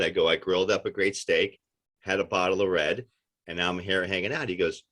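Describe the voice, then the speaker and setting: Low-voiced man with a New York accent. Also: a little fast. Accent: New York / New Jersey. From Northeastern United States. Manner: animated storyteller, acts out dialogue. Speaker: actor guest. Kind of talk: casual interview chat.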